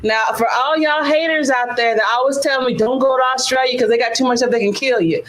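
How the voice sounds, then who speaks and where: A woman hosting a casual show, bubbly and loud, introducing a guest with lots of laughter. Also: high-pitched, fairly quick, a little hiss or hum, rough recording. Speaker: host.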